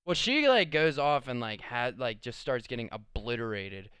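A man's voice: mid-range voice, lively intonation, moderate pace, fairly bright tone, smooth, no room sound. A young man telling a rambling party story in casual chat, laid-back, with plenty of swearing and filler words. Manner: laid-back, swears a lot, lots of "like" and "dude".

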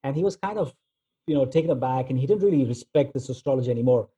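A man giving a relaxed storytelling talk, using plenty of filler words as he tells everyday examples. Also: mid-range voice, quick pace, slightly rough. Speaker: speaker on negotiation.

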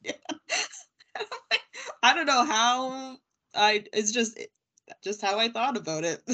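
A woman's voice: fairly high pitch, very animated, takes it slowly, pushed and bright. A woman hosting an interview, chatting casually and laughing often. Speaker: host. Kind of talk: casual chat.

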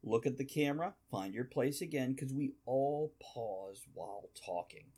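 A man's voice: medium pitch, animated, a little slow, noisy background. A man hosting a casual chat among writers, giving rambling, encouraging feedback. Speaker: podcast host.

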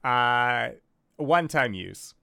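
Bright, clear-voiced man player. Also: medium pitch, expressive, slow, no echo, clean studio sound. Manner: casual, describes actions with fillers. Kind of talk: tabletop role-play.

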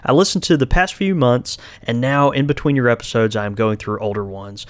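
A man with an American accent co-hosting a casual podcast, friendly and quick to laugh. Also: medium pitch, no echo. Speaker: podcast co-host.

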